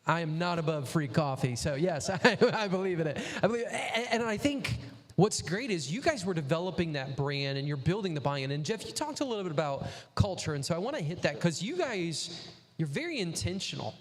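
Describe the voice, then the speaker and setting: A man's voice: fairly high pitch, sing-song, brisk. A man hosting a casual interview chat, enthusiastic and emphatic. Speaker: interview host. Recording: echoey hall.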